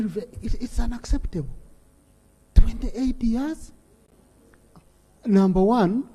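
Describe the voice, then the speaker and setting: A man's voice: high-pitched, mellow. A man with a Ugandan English accent chairing a parliamentary session, firm and given to repeating phrases. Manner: firm, repeats phrases while directing debate. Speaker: presiding speaker of parliament. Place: parliament chamber. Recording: long reverb of a large chamber.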